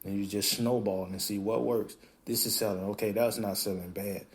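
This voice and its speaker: A man hosting a podcast, talking in a casual, animated monologue that acts out quoted voices and swears freely. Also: lowish voice, moderate pace. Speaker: podcast host.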